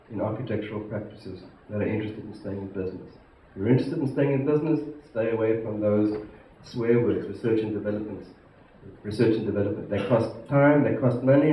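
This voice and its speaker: A man from South Africa, an institute president giving a formal conference address, measured and emphatic, stressing key words. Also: mid-range voice. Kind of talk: formal prepared speech to a conference. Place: large conference hall. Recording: echoey hall, distant mic, muffled, faint hiss.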